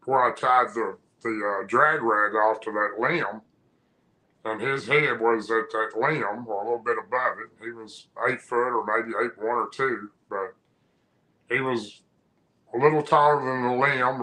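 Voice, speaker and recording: On a rough recording, a man with a medium-pitched, sharp-toned voice tells a personal story about an encounter as an interview guest. His casual storytelling is rambling and folksy, with frequent restarts.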